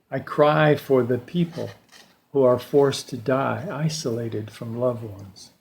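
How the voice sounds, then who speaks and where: An older man giving a slow, reflective personal talk at a church service, telling stories with pauses. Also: medium pitch, vocal fry. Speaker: church lay speaker.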